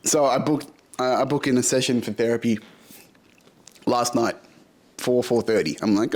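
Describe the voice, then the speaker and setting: A man's voice: mid-range voice, normal speed, pauses often, a little mellow. A young man talking through his week in a casual vlog, frank and swearing freely, rambling with restarts. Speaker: podcast host. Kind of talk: casual personal vlog monologue.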